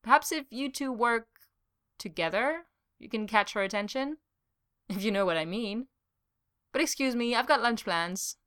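A woman reading aloud and voicing a shy, modest young office worker who speaks gently with quiet glee. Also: fairly high pitch, lively intonation, normal speed, long pauses, pitched above the performer's own voice. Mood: smug, mild. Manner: gentle, modest, faintly gleeful. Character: smug mild young man, shy office mate.

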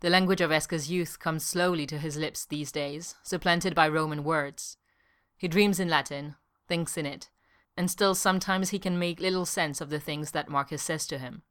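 A woman narrating a story in a soft, even, unhurried reading voice. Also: deep voice.

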